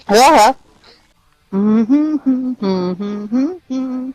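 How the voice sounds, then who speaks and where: Brief: high, lively woman storyteller, playful asides between pages. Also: normal speed, low-quality recording. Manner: animated, playful, chatty asides. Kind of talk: reading a children's story aloud.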